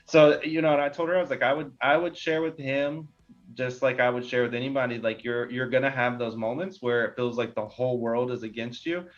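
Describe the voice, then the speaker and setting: A man's voice: mid-range voice, fairly even intonation, a little fast, soft background music. A young man, a podcast guest, talking earnestly in casual interview chat, rambling with lots of fillers. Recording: slightly dull lo-fi sound.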